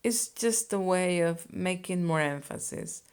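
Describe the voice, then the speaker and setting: A woman teaching phrases, explaining each one slowly and with care. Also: lowish voice, clear, resonant tone. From Spain. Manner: slow and deliberate, explaining phrases and conjugations. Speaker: Spanish teacher. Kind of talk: scripted language lesson.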